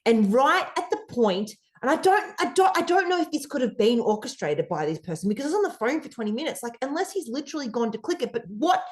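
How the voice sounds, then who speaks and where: Brief: Australian woman guest, rambling and animated, a slightly high voice. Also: fast, few pauses. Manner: animated, rambling, many fillers. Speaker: podcast guest. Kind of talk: casual interview storytelling.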